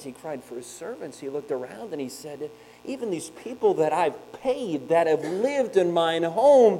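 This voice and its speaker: A man preaching a sermon, reading scripture aloud and explaining it in plain talk, with sharp swings between loud and quiet. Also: sits high, rough recording. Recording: mains hum behind the voice.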